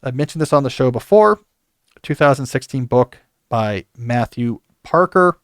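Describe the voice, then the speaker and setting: A man's voice: medium pitch, animated, normal speed, no room sound, clean studio sound. A man hosting a podcast, talking through a casual book review in a rambling, conversational way with asides. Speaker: podcast host.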